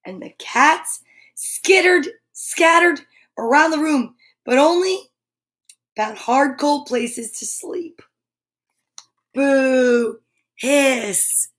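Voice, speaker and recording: A woman, a comedian, reading a picture book aloud in an expressive, dramatic way, with hushed passages. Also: high-pitched, takes it slowly. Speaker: comedian and storyteller.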